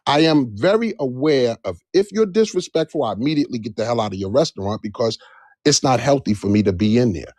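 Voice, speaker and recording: Animated man speaking with conviction. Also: mid-range voice, fast, no echo, clean studio sound. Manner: animated, emphatic, repeats phrases for stress. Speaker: livestream debate participant. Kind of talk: impassioned live discussion. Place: Georgia area, on a live stream.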